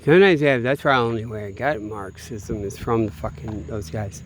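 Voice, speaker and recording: A man thinking out loud on a night walk outdoors, swearing often and stopping to grope for names as he meanders from one point to the next. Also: lowish voice, brisk, a little hiss or hum. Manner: profane, meandering, searching aloud for names. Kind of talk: rambling late-night monologue.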